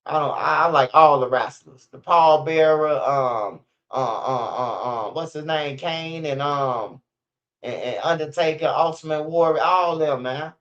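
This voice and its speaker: A man's voice: a little high, a little slow, fairly bright tone, dull audio. A man hosting a casual news livestream, rambling and profane with stammering restarts. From Chicago, USA. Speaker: street news livestream host.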